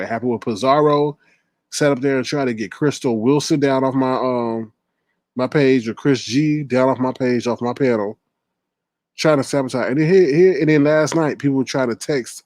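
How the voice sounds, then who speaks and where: A man's voice: medium pitch, a little mellow, no echo. A man hosting a live-stream commentary show, talking in a chatty, opinionated way. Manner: chatty, opinionated, quick to laugh. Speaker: host.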